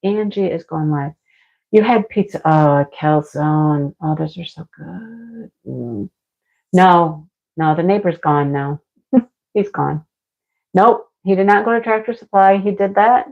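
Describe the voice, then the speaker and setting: A gravelly, fairly low female voice moves at a measured pace, full of expression. She's a middle-aged craft livestreamer who rambles casually, replies to viewer comments, laughs often, and gets slightly snarky, captured in dull lo-fi home sound.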